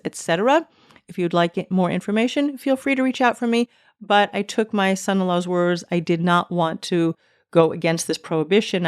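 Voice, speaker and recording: A woman's voice: fairly low pitch, smooth. A middle-aged woman, hosting a teaching podcast and speaking earnestly and emphatically, stressing her points and quoting scripture. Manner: earnest, emphatic, quotes scripture with rising intensity. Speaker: podcast host.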